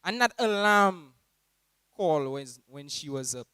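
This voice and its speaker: Smooth-voiced Saint Lucian young man. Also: slow, dry recording, poor audio. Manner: animated, mimics teachers in high voices. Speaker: graduating student giving a speech. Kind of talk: humorous graduation speech.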